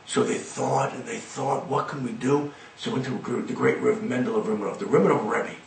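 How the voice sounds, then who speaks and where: Expressive male children's storyteller, echoey. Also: mid-range voice, brisk, gravelly, distant mic, slight background noise.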